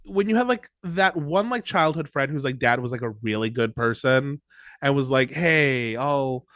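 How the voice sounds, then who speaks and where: A man co-hosting a podcast in casual chat, rambling and excitable, with many restarts. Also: medium pitch, normal speed, dry recording, clean studio sound. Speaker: podcast co-host.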